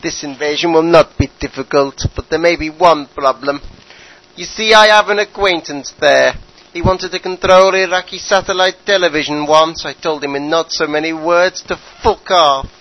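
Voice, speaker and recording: A man's voice: a little high, normal speed, fairly bright tone, low-quality recording. A man voicing a pompous, bumbling dictator who addresses his troops with grand speeches. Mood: scheming. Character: pompous bumbling male dictator, middle-aged.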